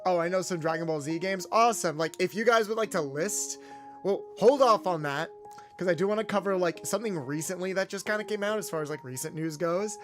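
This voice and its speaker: Chatty male streamer, fairly high voice. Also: brisk, soft background music. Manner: chatty, animated, in-character garage mechanic patter. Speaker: VTuber streamer. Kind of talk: casual livestream chat.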